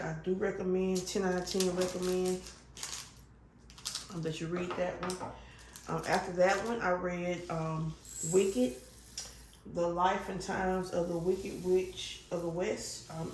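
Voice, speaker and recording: A woman's voice: on the low side, fairly even intonation, measured pace. A woman chatting casually, rambling with frequent ums and restarts, coughing now and then. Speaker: vlogger. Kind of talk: casual chat while crafting. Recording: roomy room with faint noise.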